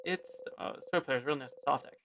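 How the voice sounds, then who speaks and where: A streamer playing a story game at home, reading the text aloud and thinking out loud with hesitant restarts and murmured reactions, recorded on a desk microphone. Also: medium pitch, racing, vocal fry, noisy background. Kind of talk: casual let's-play commentary, reading game text aloud. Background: faint game music.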